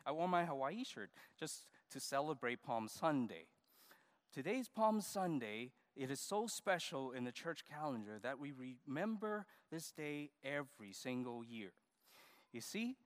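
A man leading a church service as pastor, giving a lively children's sermon and coaxing the kids to come forward. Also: mid-range voice. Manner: animated, coaxing, talks to kids. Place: church sanctuary.

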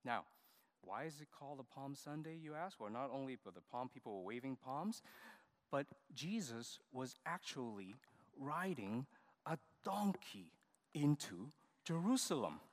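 A man leading a church service as pastor, giving a lively children's sermon and coaxing the kids to come forward. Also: mid-range voice, a little slow. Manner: animated, coaxing, talks to kids. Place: church sanctuary.

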